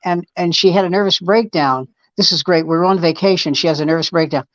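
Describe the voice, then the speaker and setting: Middle-aged comic, deadpan joke storyteller, dry muffled recording. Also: male voice, on the high side, brisk, no echo. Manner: wry, deadpan punchlines. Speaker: comedian guest. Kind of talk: casual chat, joke storytelling. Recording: dull dry lo-fi sound.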